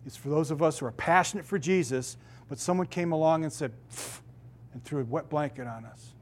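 A man's voice: on the high side, fast, slight background noise. A middle-aged male pastor preaching with a slightly raised voice. He leans hard on key words and stretches them out for effect. His delivery is earnest and emphatic. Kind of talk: sermon.

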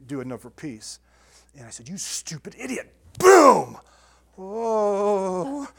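A man preaching to a congregation, talking casually with restarts and then reading scripture with rising emphasis. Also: mid-range voice. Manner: conversational, repeats words and restarts, builds to emphatic scripture reading. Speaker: pastor. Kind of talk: sermon.

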